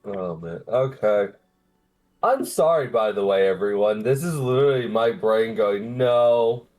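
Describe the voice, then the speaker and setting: A man's voice: lowish voice, animated, measured pace, a little mellow. A young man playing a character in a tabletop game, chatting casually, swearing and poking fun at himself. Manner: swears casually, self-mocking. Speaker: player.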